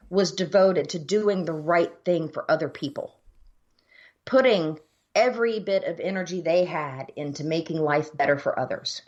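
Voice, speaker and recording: A woman's voice: deep voice, normal speed, darkish tone. A woman from Florida co-hosting a podcast, talking bluntly and earnestly with plenty of swearing. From Florida, USA. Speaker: podcast co-host. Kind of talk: casual chat. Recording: dull lo-fi sound.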